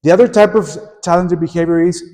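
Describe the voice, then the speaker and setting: A middle-aged man leads a workshop for teachers, lively and prompting the audience to repeat and join in. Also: high voice, fast. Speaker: teacher trainer. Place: conference room at a teachers' meeting. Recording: echoey conference hall.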